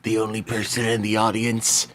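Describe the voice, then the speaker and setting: A man's voice: on the low side, monotone, moderate pace, a bit bright. A man playing a tabletop game, joking and swearing sarcastically with the others. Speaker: player. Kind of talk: casual game banter.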